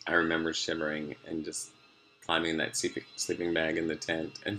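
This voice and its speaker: Low-voiced man, rambling diary talk at home, crisp bright tone. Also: monotone, normal speed, faint music behind. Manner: meandering, sidetracked, many fillers, laughs often. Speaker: vlogger. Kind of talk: rambling personal video diary. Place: room at home at night.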